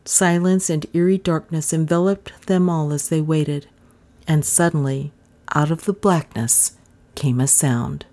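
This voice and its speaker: A woman's voice: low-pitched, steady tone, unhurried, dark tone. A woman narrating an audiobook with dramatic, suspenseful expression.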